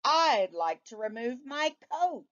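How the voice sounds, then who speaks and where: A woman voicing a brisk, orderly father, in a dull lo-fi recording. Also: high voice, big pitch swings, pitched above the performer's own voice, full character voice. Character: fussy, practical father in a wet coat.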